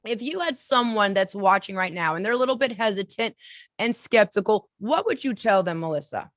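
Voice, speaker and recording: A woman's voice: medium pitch, expressive, brisk, no echo. A woman hosting a live podcast chat as a coach, talking in enthusiastic, effusive bursts. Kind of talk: casual live-stream chat.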